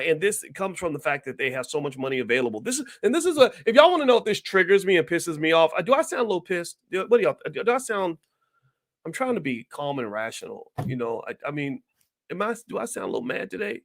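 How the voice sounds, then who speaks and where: A man giving heated, rambling commentary straight to his viewers, asking them questions and preaching his point. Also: on the high side. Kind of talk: direct-to-camera commentary.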